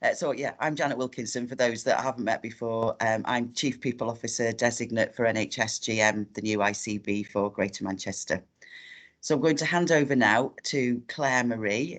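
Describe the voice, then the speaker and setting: Woman introducer on a video call, hesitant and apologetic. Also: a bass voice.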